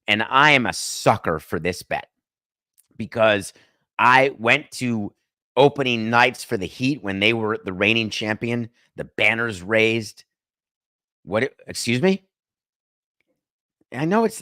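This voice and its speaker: A middle-aged man hosting a sports podcast, talking in a brash, joking monologue full of quick asides. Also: mid-range voice, animated, pushed and bright, no room sound, clean studio sound. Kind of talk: casual sports commentary monologue.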